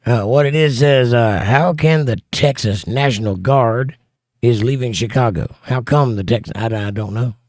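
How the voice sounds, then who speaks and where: A man's voice: medium pitch, moderate pace, a little mellow, no echo, clean studio sound. A man hosting a casual livestream, reading viewer comments aloud and answering them with wry, joking asides. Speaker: livestream host reading chat.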